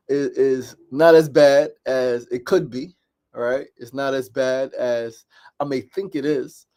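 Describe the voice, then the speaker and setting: Man, middle-aged, daily talk host, slightly high voice, casual, swears a lot, repeats himself. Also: a little mellow. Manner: profane, repeats phrases, frequent "right?".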